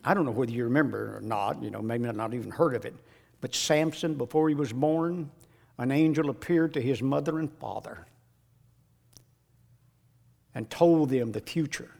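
A man preaching a sermon in a dramatic way, dropping to a hush and then rising to shouts. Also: mid-range voice, normal speed, vocal fry, pauses often. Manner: dramatic, swings from hushed to shouting.

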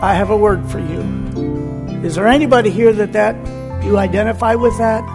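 A male pastor preaching a sermon to his congregation, fervent and emphatic, drawing out key phrases, then dropping to a softer, confiding tone. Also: high voice, brisk, gravelly. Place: church sanctuary. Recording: church hall reverb with soft music.

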